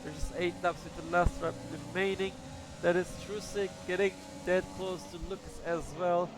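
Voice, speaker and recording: A man's voice: sits high, flat delivery, normal speed. A man giving casual, hesitant live commentary on an online racing league, thinking aloud as he goes. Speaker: race commentator. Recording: music playing behind.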